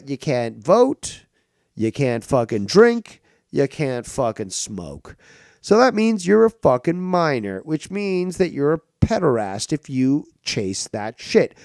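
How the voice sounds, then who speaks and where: Male stream host, higher voice, swearing commentary, dry close sound. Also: slow, vocal fry, no echo. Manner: animated, mocking, swearing.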